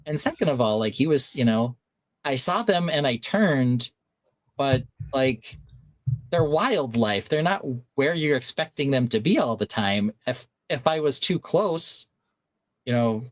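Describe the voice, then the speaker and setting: A man's voice: medium pitch, a little slow, no room sound. A man co-hosting a casual podcast, telling a vacation story and acting out the quotes. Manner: animated, acts out quotes. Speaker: podcast co-host.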